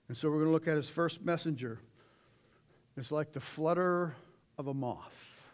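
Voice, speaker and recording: A middle-aged man preaching a sermon in a folksy, animated way, with sudden shouted asides. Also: fairly high pitch, moderate pace.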